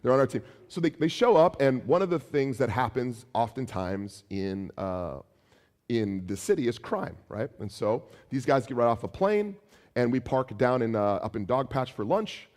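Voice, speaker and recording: A man preaching as pastor, animated, acting out taunts in a raised voice, with some restarts. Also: medium pitch, moderate pace, big-room sound. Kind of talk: sermon.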